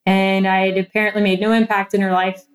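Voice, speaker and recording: A young woman speaks as an interview guest, telling a personal story in a candid, animated way. Her voice sits in a middle pitch, and she breaks into laughs as she talks. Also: fast, soft background music.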